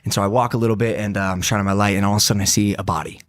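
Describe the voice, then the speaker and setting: A man's voice: fairly low pitch, racing, no room sound, studio quality. A young man in his twenties hosting a podcast, telling a story in casual chat and acting out quotes in a raised voice. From United States. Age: 20s. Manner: animated, acts out quotes in a raised voice. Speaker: podcast host.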